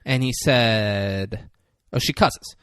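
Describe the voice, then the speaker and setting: In a podcast studio with clean, roomless sound, a man with a smooth, lowish voice speaks slowly. As a co-host recapping a movie in casual chat, he animatedly acts out characters' lines in put-on voices.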